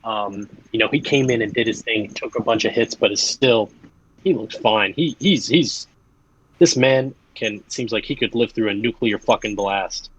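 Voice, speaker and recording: A man's voice: fairly low pitch, moderate pace, fairly bright tone, breathy edge, highs cut off. A young man acting as game master, narrating casually and rambling with many fillers and restarts.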